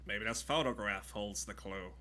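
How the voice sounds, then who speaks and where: Bright-voiced man joking through gameplay. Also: fairly low pitch, moderate pace, a little hiss or hum. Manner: joking, rambling, absurd asides. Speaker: gameplay commentator. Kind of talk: comedic let's-play commentary.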